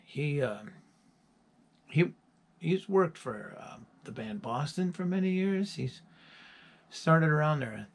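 A man's voice: mid-range voice, vocal fry. A musician chatting casually to his viewers, rambling through stories with chuckles. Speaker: musician presenting his album.

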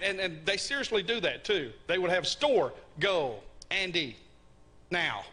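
A man preaching a sermon, animated and conversational, asking his congregation questions as he teaches. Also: high voice. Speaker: pastor.

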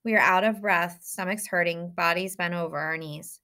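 Bright-toned woman reading a story. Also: fairly low pitch, normal speed. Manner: lively first-person storytelling. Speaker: audiobook reader. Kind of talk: reading a novel aloud.

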